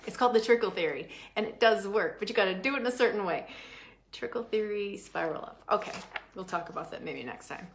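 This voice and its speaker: A woman prosperity coach delivers a motivational class talk, animated and emphatic, lurching between quick bursts and slow, drawn-out phrases while often asking "right?" Her voice is medium-pitched, with a little hiss or hum in the recording.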